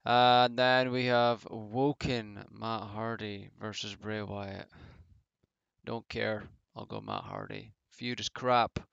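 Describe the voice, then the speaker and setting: A man's voice: fairly low pitch, lively intonation, slow, vocal fry, fairly bright tone, clear, resonant tone, no room sound. A man giving casual solo commentary as a wrestling reviewer, rambling and offhand with many fillers. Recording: dull lo-fi home mic.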